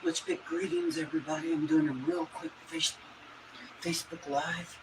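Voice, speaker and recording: A man's voice: a little high, fairly even intonation, moderate pace, noisy background. A man rambling casually to viewers on a livestream, with chuckles.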